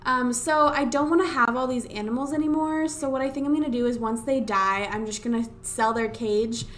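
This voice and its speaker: A woman's voice: fairly high pitch, fairly quick, slight background noise. A woman giving casual gameplay commentary at home, exasperated, talking to the game characters and drawing out her wows. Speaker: let's play host. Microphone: desk USB microphone.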